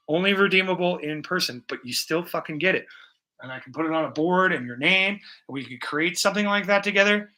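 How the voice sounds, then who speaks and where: A man's voice: high-pitched, fairly quick, pushed and bright, rough recording. A man hosting a casual live stream, rambling and swearing freely as he chats with his viewers. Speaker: livestream host.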